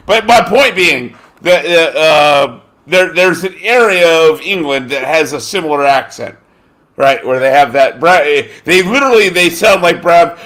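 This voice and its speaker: This man's voice sits on the higher side with a somewhat bright quality. Hosting a loose podcast conversation, he wanders off topic, swears freely, and gropes for names with lots of "um"s and "uh"s.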